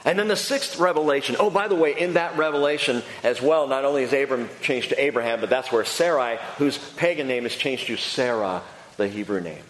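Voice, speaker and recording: A man preaching a sermon, telling the story with animated delivery and acting out voices. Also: mid-range voice, fairly quick, a little hiss or hum. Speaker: pastor. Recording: echoey hall reverb.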